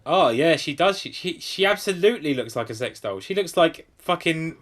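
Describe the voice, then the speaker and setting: A man's voice: fairly high pitch, lively intonation, normal speed, a bit bright. A man co-hosting a podcast over a video call, bantering in a sardonic, sweary way. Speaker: podcast co-host. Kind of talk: casual chat over a call.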